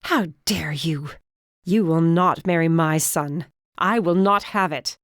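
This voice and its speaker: A cold, imperious middle-aged witch mother, as an audiobook narrator plays her, clipped and disapproving. The voice sits fairly low and close, with a dry, dead sound. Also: slow pace, dry recording. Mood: scornful.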